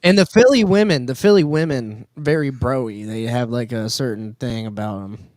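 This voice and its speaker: A man's voice: mid-range voice, normal speed, darkish tone, no room sound. Man, podcast co-host, joking, teasing, dry close sound. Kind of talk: casual chat.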